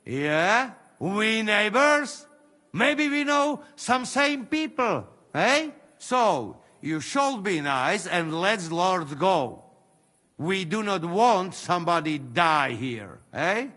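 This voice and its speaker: An actor playing a crude, wheedling mercenary who speaks broken English with a Slovak accent. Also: male voice, high-pitched, big pitch swings, slow pace, bright, forceful tone, big-room sound, heavily acted. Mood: coaxing. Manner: broken English, coaxing, haggling.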